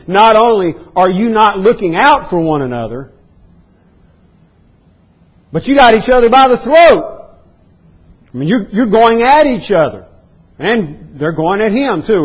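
A man preaching an expository sermon as pastor, emphatic, often clearing his throat and repeating words. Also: high voice, sing-song, unhurried, dull audio. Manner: emphatic preaching that rises into voiced outbursts.

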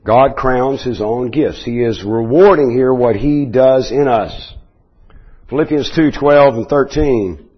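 A man preaching a Bible teaching sermon, explaining verses in a measured way with restarts and asides. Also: medium pitch, slightly rough, highs cut off.

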